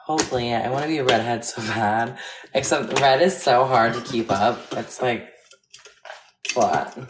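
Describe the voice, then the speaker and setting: A woman's voice: very deep voice, measured pace. A chatty, giggly woman in her twenties from Florida with a general American accent, livestreaming casually to viewers from home with playful swearing. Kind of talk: casual chat with live viewers. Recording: echoey room with loud noise.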